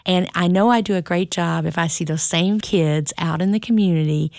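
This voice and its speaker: Dramatic woman with gravelly voice. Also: lowish voice, normal speed, darkish tone, no echo, clean studio sound. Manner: dramatic storyteller. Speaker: school staff member and parent, guest. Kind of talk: casual interview chat.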